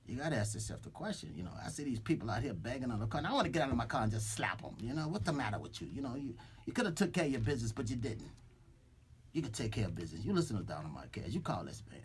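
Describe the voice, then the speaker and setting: A man's voice: mid-range voice, slightly rough. A man voicing a boastful, threatening mob boss enforcer as a comic character on a radio show, speaking into a studio microphone. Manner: swaggering, threatening, rambling with restarts.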